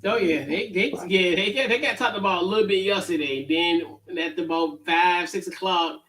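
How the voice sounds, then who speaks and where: High-voiced man hosting a sports chat. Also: moderate pace, distant mic. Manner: relaxed, lots of fillers, runs through game picks. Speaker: podcast host.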